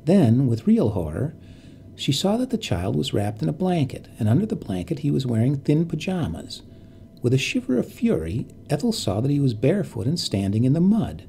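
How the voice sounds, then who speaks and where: A man reads a bedtime story aloud in a calm, measured way. His voice is warm and mellow, with a lively, rising and falling intonation. A faint hiss sits under the reading. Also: mid-range voice, gravelly.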